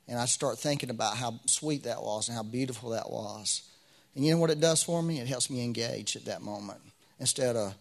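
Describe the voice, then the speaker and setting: A middle-aged man preaching a sermon as pastor, in a conversational way with frequent restarts and rising bursts of emphasis. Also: mid-range voice.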